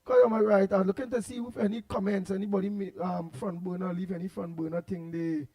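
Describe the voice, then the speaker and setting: A man's voice: high voice, flat delivery, brisk, mellow. A man with a Trinidadian accent hosting a radio show, chatting casually and reading out listener comments with laughs and repeated words.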